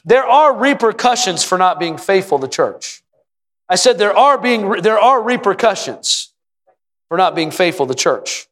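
High-voiced preaching man, echoing church. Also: big pitch swings, a little slow. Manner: preaches with rising emphatic repetition, sometimes shouting. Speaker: pastor. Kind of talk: sermon. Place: church sanctuary. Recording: long hall reverb.

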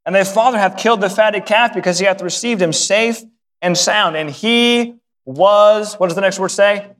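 A male pastor preaching a sermon, telling a story with lively acted voices and repeating words when excited. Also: high-pitched, normal speed. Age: adult, married. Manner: animated storytelling, acting out voices of the father and son. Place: church sanctuary. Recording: hall reverb.

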